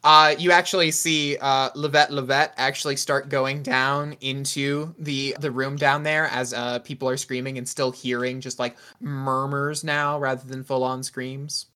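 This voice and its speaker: A game master narrating a tabletop game in a lively way, with lots of fillers. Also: mid-range voice, unhurried, hardly any pauses, clear, resonant tone.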